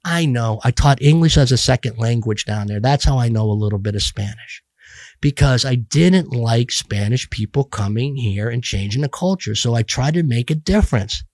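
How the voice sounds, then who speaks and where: A man's voice: mid-range voice, normal speed, darkish tone, no echo, clean studio sound. Blunt, rambling middle-aged man. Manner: rambling, blunt and profane, many restarts. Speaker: podcast guest. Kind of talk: casual podcast conversation.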